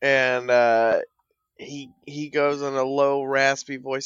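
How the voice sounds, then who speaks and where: A woman's voice: very deep voice, level tone, slow, clear, resonant tone, no room sound, lo-fi sound. A woman narrating as game master in a casual tabletop game, rambling and swearing freely.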